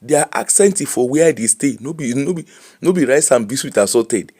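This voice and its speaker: A middle-aged man with a Nigerian Pidgin English accent, hosting a casual live-stream chat, animated and laughing as he mixes Pidgin and English. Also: mid-range voice, moderate pace, breathy edge. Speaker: host.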